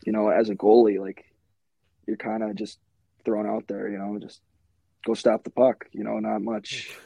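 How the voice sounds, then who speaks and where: A man's voice: lowish voice, little pitch movement, normal speed, gravelly, mellow, husky, dry recording. A young man from Minnesota, a hockey goalie, talking in a laid-back casual way as a podcast guest, full of "like" and "you know". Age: young adult.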